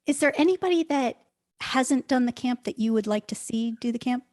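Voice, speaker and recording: A woman's voice: a little high, fairly quick, darkish tone. A woman interviewing a guest, asking short questions and adding brief acknowledgments. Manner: brief backchannel replies and questions.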